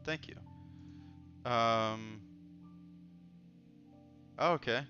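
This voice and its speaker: The male host stretches his words out in a sharp-toned, medium-pitched voice. He runs an easygoing livestream chat, joking and reading comments aloud, and the recording is dull lo-fi stream audio with faint music.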